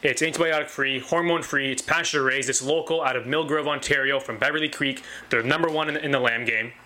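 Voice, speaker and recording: Bright, eager-sounding butcher shop owner. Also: male voice, medium pitch, steady tone, fast talker. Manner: enthusiastic, repetitive, many restarts. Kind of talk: casual interview talk.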